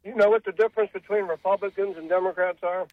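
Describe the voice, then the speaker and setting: Male caller, argumentative, high voice, tinny phone line. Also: steady tone, quick pace, no room sound. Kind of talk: call-in talk.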